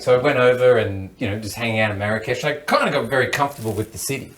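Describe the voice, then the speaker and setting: Australian comedian, animated storyteller, mid-pitched, voice a little distant from the mic. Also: male voice, rapid-fire, reverberant, slight background noise. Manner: animated, rambling, acts out other people's lines. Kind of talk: comic storytelling. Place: studio panel.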